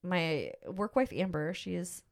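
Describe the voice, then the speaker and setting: A woman's voice: on the low side, animated, measured pace. A middle-aged woman hosting a podcast, telling a personal story in a rambling, emotional way with lots of fillers. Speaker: podcast host. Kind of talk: casual storytelling chat.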